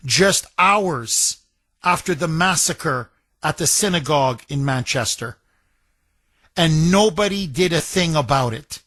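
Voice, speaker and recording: Male radio host, slow deliberate pacing, dry close mic, repeats lines for emphasis. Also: fairly high pitch, expressive, fairly bright tone, dry recording. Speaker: radio talk show host. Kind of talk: talk radio monologue, reading a listener letter.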